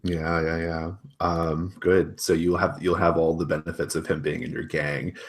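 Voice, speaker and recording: A man's voice: extremely low pitch, level tone, moderate pace. A man running a tabletop role-playing game as game master, narrating in a casual, rambling way and laughing often.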